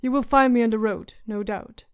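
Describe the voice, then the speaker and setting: Woman voicing a sardonic dwarf lord, dry and mocking, slightly high. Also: normal speed, clear, resonant tone, close to an everyday voice. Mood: wry. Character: sardonic witty dwarf lord, grown man.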